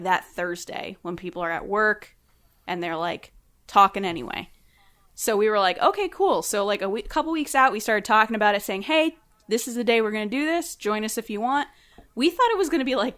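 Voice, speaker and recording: A woman guest on a casual podcast, telling a story with animated energy and acting out quotes in a raised voice. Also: medium pitch.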